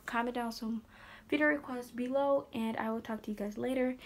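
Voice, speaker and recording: A young woman vlogging casually as she unboxes something, gushing and often dropping into breathy whispers. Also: medium pitch, a little mellow.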